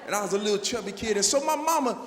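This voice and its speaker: A man giving an energetic motivational speech to teachers, telling stories and getting the audience to call back. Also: sits high, rapid-fire, noisy background. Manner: energetic, storytelling, calls for audience response. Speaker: motivational speaker. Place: large auditorium. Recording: long hall reverb, PA system.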